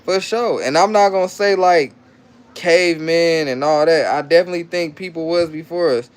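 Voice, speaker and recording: Hosting a casual livestream, a man reads viewer comments aloud, repeating himself in loose slang while coaxing and playing with his child. His voice runs on the high side, smooth, at a moderate pace.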